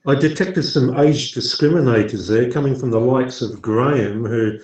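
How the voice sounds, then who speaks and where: A man lecturing in an online class, measured and explanatory with some dry joking. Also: mid-range voice, darkish tone, echoey room, lo-fi sound. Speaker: university lecturer.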